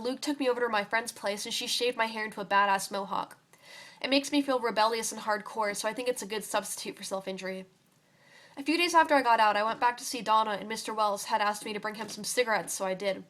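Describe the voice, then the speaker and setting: A young woman reading her own story aloud in a quiet, halting way, with fillers and restarts. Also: a little high. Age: young adult.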